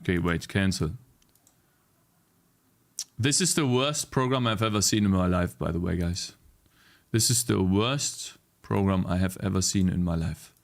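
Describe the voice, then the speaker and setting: A man's voice: low voice, measured pace, gravelly, long pauses. A man streaming his game development live, talking casually, reading chat aloud and ranting in exasperation with frequent swearing. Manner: reads chat messages aloud and answers them.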